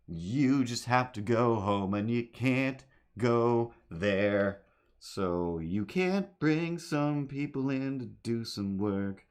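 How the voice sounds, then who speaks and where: Male streamer, lowish voice, loose rambling chat at home, drifts into little songs. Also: expressive, slow. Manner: rambling, sings and meows at his cat. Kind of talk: casual streaming chat while drawing. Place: home apartment.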